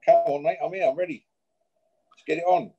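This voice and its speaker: A man's voice: on the high side, fairly even intonation, fairly quick, gravelly, highs cut off. A man being interviewed, confrontationally challenging a rival and ending his points with "yeah?". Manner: confrontational, repeats "yeah?" after each point. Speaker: boxer issuing a challenge. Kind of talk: interview, trash talk.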